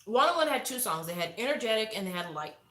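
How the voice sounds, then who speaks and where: A woman in her forties chatting casually to viewers, opinionated and lively, acting out quotes as she reviews a show. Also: fairly high pitch, fast talker. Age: 40s. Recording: echoey room.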